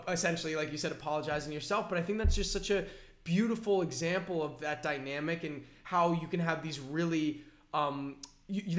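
Male host musing back at the guest, kinda high voice, lots of restarts, echoey room on a video call. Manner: thoughtful, rambling with many restarts. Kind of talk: conversational interview. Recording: roomy echo.

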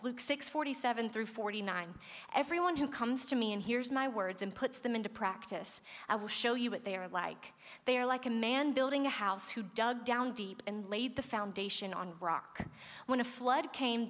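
A woman with a fairly high voice preaches earnestly to a large gathering. She drives her points home with repeated phrases and sounds moved close to tears. Long reverb from the big hall trails after her words. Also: fairly bright tone. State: tearful, moved. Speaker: speaker. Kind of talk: sermon.

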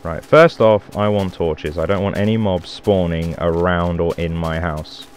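Jokey man with a deep voice. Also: fairly even intonation, a little slow, soft background music. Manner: rambling, jokey, swears and exclaims. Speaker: Minecraft let's player. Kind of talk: casual gameplay commentary.

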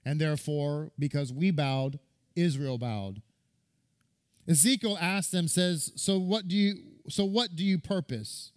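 Speaking unhurriedly in a fairly high voice, a rabbi gives a sermon recounting a midrash. He quotes and reads scripture and repeats words to drive points home.

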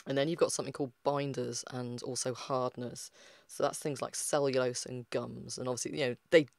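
A man's voice: medium pitch, flat delivery, fairly quick, gravelly, dry recording, clean studio sound. A man giving a casual, chatty art lesson on a livestream, explaining with lots of fillers. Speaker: art tutor.

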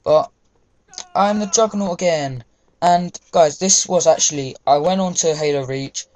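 A man's voice: a little high, normal speed, a little mellow, slight background noise. A young man, chatting casually over gameplay, rambling with lots of fillers. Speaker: gaming commentator.

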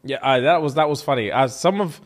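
A man, co-hosting a casual podcast, with quick exclamatory reactions. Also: mid-range voice. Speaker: podcast co-host.

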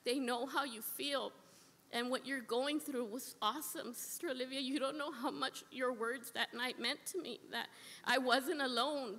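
A woman's voice: high voice, sharp tone. A woman sharing a heartfelt personal testimony at a church service, earnest and repeating phrases for emphasis. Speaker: church member giving testimony. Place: church sanctuary. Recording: echoey church hall with long reverb.

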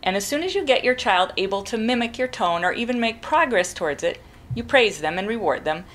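A middle-aged woman, a parent, calmly explaining step by step how to teach a child to whisper. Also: on the high side, fairly quick. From New England. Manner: calm, practical, demonstrates whispering. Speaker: parent giving advice. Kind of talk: instructional talk to camera.

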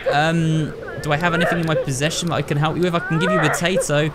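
A man's voice: fairly high pitch, fairly even intonation, fairly quick, very noisy. Chatty man narrating a horror game. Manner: chatty, thinks aloud, talks to viewers. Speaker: gaming YouTuber. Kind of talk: horror game playthrough commentary. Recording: clear game ambience behind the voice. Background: horror game sounds.

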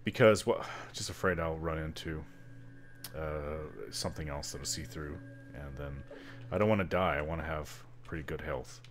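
A man's voice: a bass voice, moderate pace, a little hiss or hum. A Canadian man from British Columbia casually narrating his online game session, rambling and joking at himself as he stumbles over words. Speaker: gamer. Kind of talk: casual gameplay commentary.

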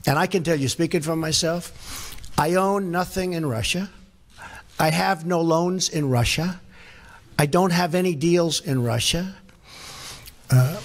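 A man fielding press questions at a podium in a large formal hall, blunt, emphatic and repetitive, speaking off the cuff. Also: fairly high pitch. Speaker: president at a press conference. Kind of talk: off-the-cuff press conference answers.

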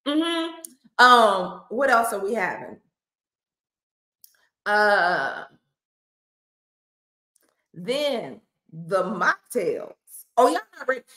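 A woman's voice: mid-range voice, sing-song, extremely slow, pauses often, bright, forceful tone, echoey room. A woman pastor, talking to viewers in a playful, chatty, hyped-up way. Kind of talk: hyped livestream announcement.

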